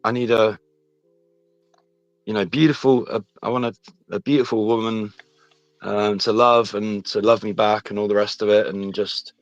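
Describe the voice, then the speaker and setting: A low-voiced man rambles through a personal story, stopping and restarting mid-sentence. The sound is dull and lo-fi, dry, with faint music underneath. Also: fairly even intonation, no echo. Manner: rambling, halting, many restarts. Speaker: guest. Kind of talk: casual chat, personal story.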